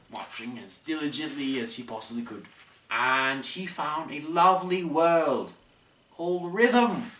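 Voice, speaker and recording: A man's voice: medium pitch, a bit bright. A young man narrating an amateur rhymed story in a playful, sing-song way. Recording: roomy, distant mic, faint noise.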